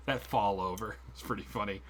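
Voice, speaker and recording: A man with a lowish voice runs a tabletop game as game master, narrating it on stream. He's casual, swears, and laughs a lot, and the recording is very noisy.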